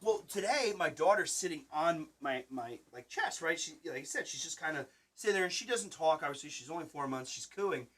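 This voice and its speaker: A man in his thirties talks casually as a podcast host. He rambles through stories and acts out what people said in loud bursts. His voice sits a little high for a man. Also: lively intonation, a little fast, hardly any pauses. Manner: rambling storyteller, acts out quotes loudly. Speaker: podcast host and Twitch streamer. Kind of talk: casual chat.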